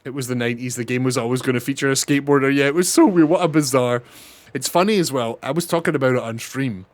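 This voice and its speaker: Young man, streamer, chatty, swears a lot, mid pitch, dry sound. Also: steady tone, quick pace, dry recording. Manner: chatty, swearing, laughing often. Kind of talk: casual gaming commentary.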